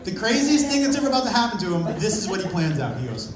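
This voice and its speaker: A man telling a story in a stand-up set, punchy and loud at times, swearing freely. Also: sits high, big pitch swings, rapid-fire, noisy background. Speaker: stand-up comedian. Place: comedy club stage with a live audience. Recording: echoey, distant live club recording with a loud crowd.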